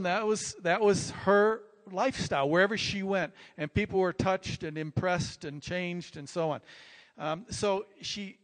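Fairly high-voiced older man preaching. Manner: rambling, repeats words, animated when telling stories. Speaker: pastor. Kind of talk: sermon-style personal storytelling. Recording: long reverb from a large hall.

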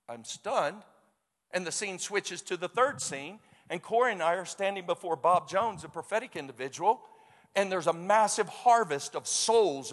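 A man preaching a sermon, telling a story with lively quoted voices. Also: sits high. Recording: long hall reverb.

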